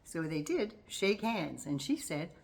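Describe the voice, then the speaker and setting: An older woman with a low voice talks casually about politics. She is folksy and sassy, and she teases as she goes. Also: sing-song, measured pace, breathy edge. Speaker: political commentary vlogger.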